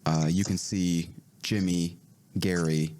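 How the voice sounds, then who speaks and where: A man narrating a tabletop game as game master, relaxed and laughing often. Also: low-pitched, slow pace, slight background noise.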